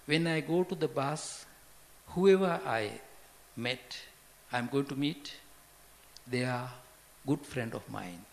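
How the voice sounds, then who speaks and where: A man giving an informal Buddhist talk, halting and repetitive, often asking his listeners questions. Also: medium pitch, gravelly. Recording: long hall reverb, faint background noise.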